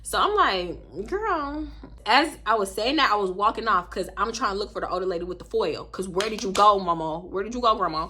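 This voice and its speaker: A woman's voice: medium pitch, fairly quick, few pauses, pushed and bright, breathy edge. A young woman in her twenties with a Houston Black American accent, telling a dramatic storytime on her vlog, acting out quoted voices and swearing freely. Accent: African American Vernacular English, Houston. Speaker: storytime vlogger.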